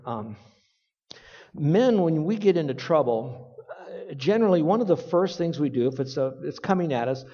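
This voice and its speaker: A man preaching a sermon in a large hall, his voice set a bit high and carried by a long echo. He speaks earnestly and plainly, then breaks into loud, emphatic bursts. The sound is somewhat dull.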